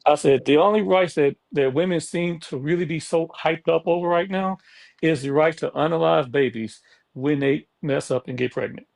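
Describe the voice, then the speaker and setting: A man argues in a heated live online panel, blunt and scolding. His voice sits a little high for a man. The recording is dry, with no room sound. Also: normal speed, creaky, a little mellow, dry recording. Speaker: panel guest.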